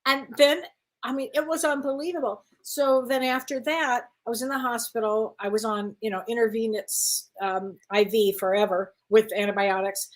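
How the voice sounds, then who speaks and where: A woman's voice: on the high side, normal speed. A woman guest in casual chat, telling her story with lots of acted-out voices and laughter. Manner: animated storyteller, acts out voices, laughs often.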